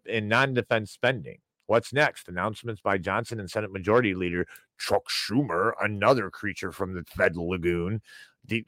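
A man's voice: deep voice, fairly quick, fairly bright tone, dry recording. A man hosting a broadcast, ranting and wisecracking in casual, rambling commentary. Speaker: show host.

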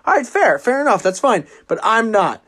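A man with a notably high voice hosts a casual sports podcast. He talks in an animated, teasing way and often bursts into loud laughter. It is loose banter between friends. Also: normal speed, breathy edge. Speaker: podcast host.

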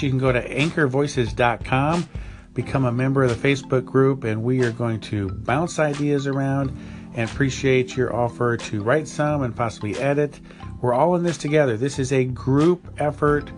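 A man hosting a podcast, talking in an enthusiastic, thankful way. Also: medium pitch. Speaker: podcast host. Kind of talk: upbeat podcast talk.

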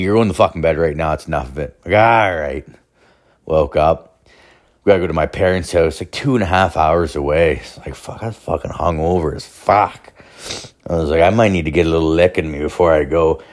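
A man's voice: low voice, darkish tone. A man telling a rambling, profane personal story in a casual monologue, swearing constantly and acting out the voices he quotes.

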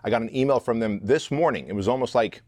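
A man speaks in a blunt, animated, profane storytelling voice with a mid-range pitch. The sound is close and dry, with no room around it. He talks as a guest on an interview show. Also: fast, no echo. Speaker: guest, leadership instructor.

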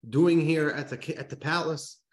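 A man's voice: on the high side, steady tone, normal speed, lightly acted. A man voicing mocking male palace guards who sneer at fishermen, in a story told in a class. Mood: scornful. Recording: roomy echo.

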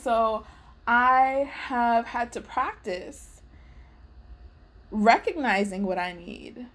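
A woman host talking casually and reflectively about her needs, voicing her own prayers as she goes. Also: sits high. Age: adult, working. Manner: conversational, acts out her prayers aloud. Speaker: faith podcast host.

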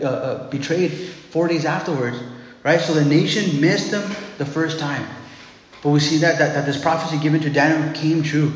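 A man's voice: fairly high pitch, a little hiss or hum. A man preaching a sermon in a loose, conversational way, often calling listeners "man" and restarting his phrases. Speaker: pastor. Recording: echoey hall.

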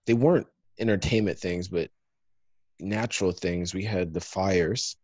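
A man co-hosting a podcast in casual chat, halting and searching for words. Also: deep voice, darkish tone, no echo, muffled recording. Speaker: podcast co-host.

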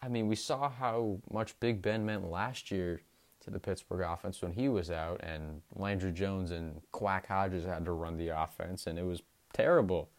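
A young man hosting a sports podcast, recapping games in an enthusiastic, emphatic way with drawn-out stresses. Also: low voice, fairly even intonation, a little hiss or hum.

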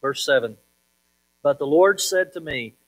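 A man preaching a sermon as a pastor, leaning hard on words with swings from loud to hushed. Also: on the high side, expressive, a little slow, poor audio.

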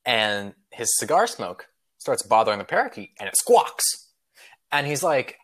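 A man's voice: medium pitch, very animated, moderate pace. A man with a mid-range voice hosting a casual podcast, winding through a long joke with plenty of filler words. His delivery is loose and rambling, peppered with swearing, as he chats with his co-host.

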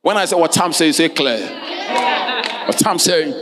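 Preaching a sermon as pastor of his church, a man with a fairly high, slightly bright voice speaks at normal speed while a faint crowd can be heard. He reads scripture in old King James wording and often breaks in with "Hallelujah" and questions to the congregation.

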